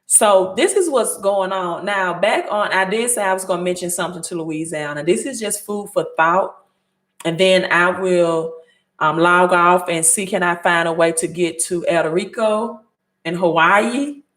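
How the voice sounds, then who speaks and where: A woman's voice: lowish voice, normal speed, fairly bright tone. Chatty Mississippi woman livestreaming in an echoey room. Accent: Mississippi Southern. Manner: chatty, thinks aloud, reads out comments. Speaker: credit advice host. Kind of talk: casual livestream chat answering viewer comments.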